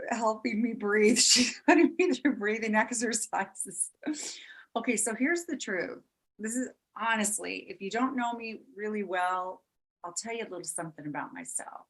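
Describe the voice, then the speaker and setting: A middle-aged woman hosting a podcast, telling a personal story in an animated way, repeating words for emphasis and laughing now and then. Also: fairly high pitch, measured pace, rough recording. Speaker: podcast host.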